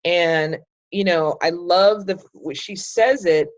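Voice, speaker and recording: A chatty, enthusiastic middle-aged woman with a fairly low voice leads a group discussion over a video call. She is heard on dull, slightly muffled audio. The sound is dry and close, with no room echo. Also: takes it slowly. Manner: chatty and enthusiastic, with many fillers. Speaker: group leader hosting a book club call. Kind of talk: casual group talk.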